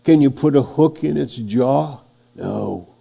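Male preacher, gravelly, unhurried, emphatic sermon delivery. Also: medium pitch, expressive, mellow. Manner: slow, emphatic preaching, voice swelling and dropping.

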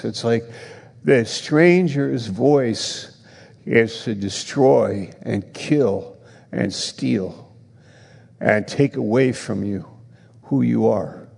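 A man preaching a sermon in a slow, earnest way, rising in pitch for emphasis, and leading a prayer. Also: creaky, a little mellow, in a large hall.

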